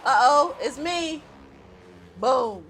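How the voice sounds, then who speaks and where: A young woman reacts to a film in casual, chatty commentary, teasing the characters and exclaiming at the screen. Her voice is bright and high, with lively swings in pitch. Faint noise sits behind her. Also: very slow. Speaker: movie reaction vlogger.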